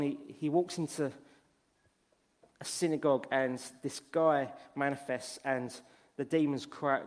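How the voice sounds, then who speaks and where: A man's voice: on the high side, a little mellow, big-room sound. A man preaching a sermon, earnest and storytelling, often restarting his phrases. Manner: earnest, restarts phrases while retelling stories.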